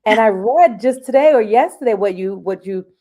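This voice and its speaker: A woman's voice: on the high side, lively intonation, normal speed, warm tone. A woman co-hosting a live stream over a video call, talking in a bubbly, chatty way and laughing often. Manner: bubbly and talkative, laughs a lot. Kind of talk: casual live-stream chat.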